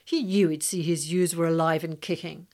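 A big, blunt father in a storybook, skeptical and dismissive. A woman voices him in a low register. He speaks with plain certainty. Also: fairly even intonation, moderate pace, mellow.

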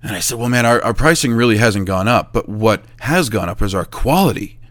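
A middle-aged man with a low voice tells a story about his own business in a casual, lively way. He acts out both sides of the conversations he describes and laughs at his past mistakes. The recording is dry and close, with no room sound. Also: a little fast, no room sound. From New Hampshire, USA. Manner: animated, acts out quoted exchanges, self-deprecating laughs. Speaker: chimney service business owner.

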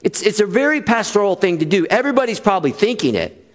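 A pastor preaching an expository sermon, earnest and emphatic, repeating phrases for stress and slowing on key lines. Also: male voice, sits high, very animated.

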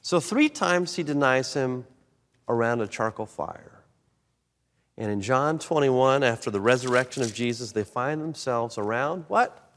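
A man preaching a sermon, animated, swinging between loud emphatic lines and soft low ones. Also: a little slow. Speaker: pastor. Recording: long reverb of a large hall.

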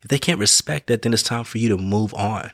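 A man's voice: lowish voice, brisk, no echo, studio quality. A man giving casual motivational advice in an earnest way, repeating his points, correcting himself and checking in with the listener. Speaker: vlogger giving life advice.

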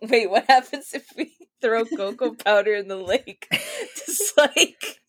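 A woman's voice: fairly high pitch, very animated, takes it slowly. A giggly woman playing a tabletop game over a video call. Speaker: player. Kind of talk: casual tabletop game play.

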